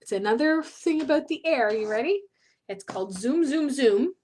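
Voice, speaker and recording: A woman's voice: high voice, animated, moderate pace, darkish tone, a little hiss or hum. A woman hosting a live online storytime for children, chatty and encouraging.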